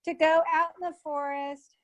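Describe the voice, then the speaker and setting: A woman guest in a casual interview, a sound therapist who talks haltingly with many filler pauses. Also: high voice, level tone, lo-fi sound.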